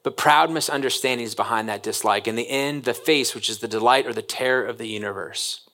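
A man's voice: medium pitch, brisk. A man as pastor, preaching a sermon and reading longer quoted passages aloud to the congregation. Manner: reads passages aloud, then acts out excited children's voices.

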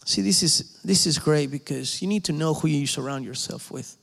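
A man preaching a sermon, emphatic and pleading, dropping at times to hushed whispers. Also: on the high side, moderate pace, vocal fry, big-room sound.

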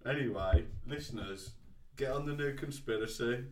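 A man's voice: medium pitch, moderate pace, a little mellow, roomy sound, far from the mic. A man co-hosting a podcast, rambling through crude casual banter and swearing. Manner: rambling, swearing, giggly storyteller. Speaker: podcast co-host.

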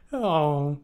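Man, bright voice, animated, laughing, casual podcast recap. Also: extremely high pitch. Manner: animated, laughs often, acts out characters in quick bits. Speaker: podcast co-host. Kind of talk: casual chat, recapping a show.

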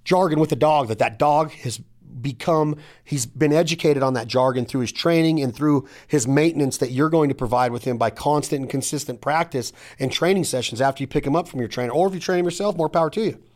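Middle-aged guy rambling excitedly on his hunting podcast, kinda high voice, really emphatic. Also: brisk, few pauses. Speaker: podcast host. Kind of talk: casual hunting talk.

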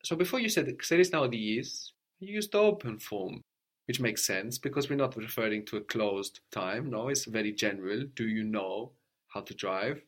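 A man teaching a language lesson, patiently modeling phrases slowly and coaxing his student. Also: on the low side.

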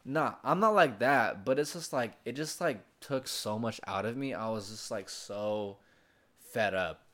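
A young man telling a story in a casual podcast chat. He is animated and swears a lot. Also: lowish voice, unhurried. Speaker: podcast co-host.

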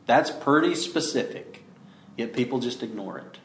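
A man preaching a sermon, emphatic, often asking rhetorical questions and slowing down to stress key words. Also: medium pitch, roomy sound.

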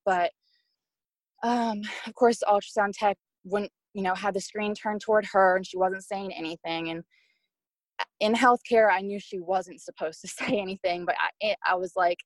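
A woman's voice: mid-range voice, steady tone, moderate pace, dry recording. A young woman telling her own story as a podcast guest, candid and emotional, quoting what others said. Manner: candid, emotional retelling with quoted speech. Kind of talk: personal storytelling.

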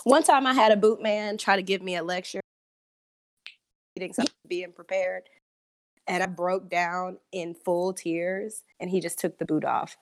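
A woman in casual chat, telling animated, profane stories. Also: fairly low pitch, a little slow.

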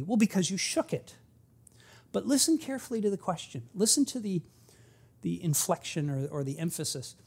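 A man preaching a sermon as pastor, speaking conversationally and swinging between quiet asides and loud, emphatic peaks. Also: sits high, husky.

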